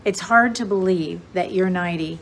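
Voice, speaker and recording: A woman's voice: lowish voice, moderate pace, fairly bright tone, slight background noise. Woman in her seventies, grateful tribute. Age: 70s. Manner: grateful, reminiscing. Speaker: daughter giving tribute. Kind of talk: prepared tribute speech.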